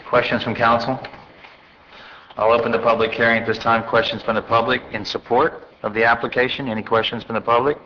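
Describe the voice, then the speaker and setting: A man chairing a city council meeting as mayor, reading resolutions and calling votes in a formal, procedural manner. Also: mid-range voice. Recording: muffled council chamber audio with faint hiss.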